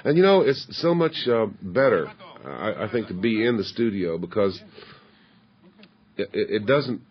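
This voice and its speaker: A low-voiced man talks through a film commentary in a slow, halting way, trailing off and starting over. The recording is dull and muffled, with the top end rolled off. He sounds easygoing as he chats about the shoot. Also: sing-song. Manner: halting, restarts often, drawls. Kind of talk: relaxed commentary chat.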